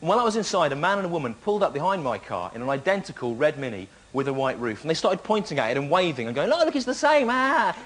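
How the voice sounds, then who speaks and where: A man's voice: a little high, animated, rapid-fire, few pauses, a bit bright. An English man, half of a comedy double act, bantering in a sarcastic and exasperated way. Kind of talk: comic banter.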